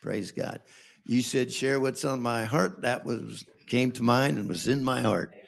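A male pastor preaching a sermon, emphatic and repetitive, with a gravelly voice. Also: medium pitch, unhurried. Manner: emphatic preaching with repeated phrases.

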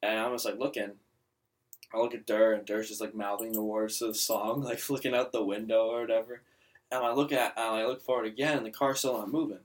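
Young guy rambling through a story, like like like, lowish voice, casual podcast. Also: flat delivery, brisk, recorded from a distance. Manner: rambling storyteller, full of "like" fillers.

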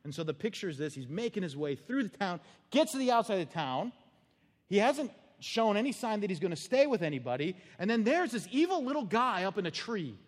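Animated male pastor, high voice, hall reverb. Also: fairly quick. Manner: animated, conversational, laughs at own jokes, acts out quotes. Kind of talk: sermon.

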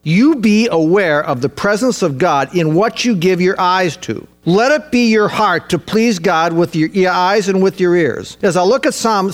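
A man preaching a sermon as pastor, earnest and conversational, repeating key points for emphasis and dropping to a hushed tone for reflection. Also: high-pitched.

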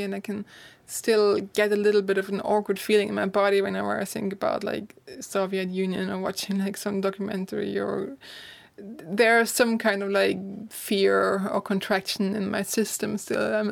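A woman's voice: medium pitch, little pitch movement, normal speed, creaky, hardly any pauses. A young adult woman from Germany, talking casually as an interview guest, laughing often and filling her speech with "like". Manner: chatty, laughs often, many "like" fillers. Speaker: guest, author and course teacher.

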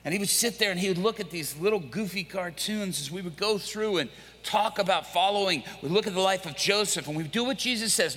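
A man preaching, telling a dramatic story in a vivid, animated way. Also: high-pitched, a little fast, husky, big-room sound. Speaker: preacher, prison minister.

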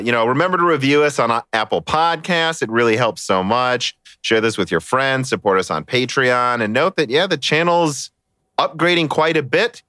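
A man's voice: mid-range voice, pushed and bright, clean tone, no echo, clean studio sound. A man hosting a casual hardware podcast, chatty and joking, often laughing between words. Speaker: podcast host.

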